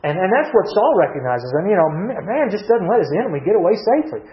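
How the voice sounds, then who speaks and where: A man's voice: high-pitched, sing-song, fast. Earnest preacher man in an echoey room. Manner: earnest, repeats key phrases, asks questions and answers them. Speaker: preacher teaching from the Bible. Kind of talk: conversational sermon with questions to the congregation. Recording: echoey dull-sounding room recording.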